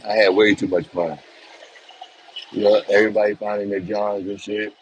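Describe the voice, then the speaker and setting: A man's voice: fairly low pitch, flat delivery, normal speed, slight background noise. A man live-streaming outdoors from his phone, chatting casually to his viewers in a rambling, profane way. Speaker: livestream vlogger. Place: outdoors in a city street. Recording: slightly dull lo-fi phone audio, faint street ambience.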